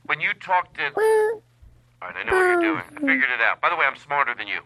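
A man hosting a comedy podcast, ranting at a prank caller in a put-on phone voice, exasperated and shrill. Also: wildly swooping pitch, fast, sharp tone. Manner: exasperated, high-pitched mock phone voice. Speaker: podcast host.

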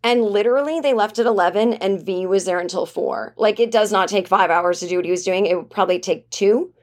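Woman, comedian host, casual storytelling, chatty, animated, medium pitch, home office. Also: brisk. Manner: chatty and animated, acts out quoted voices, many "like"s.

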